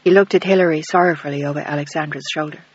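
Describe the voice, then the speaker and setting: A man narrating an audiobook in an even, measured reading. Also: a little high, husky, no echo. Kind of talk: scripted narration. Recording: dull lo-fi dry recording.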